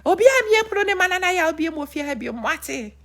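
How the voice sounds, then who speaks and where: A woman imitating a lofty male singer who answers in a slow, drawn-out, grand way. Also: very high voice, sing-song, fairly bright tone, pitched above the performer's own voice, exaggerated voice. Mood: lofty amused. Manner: drawn-out, mock-grand inflection.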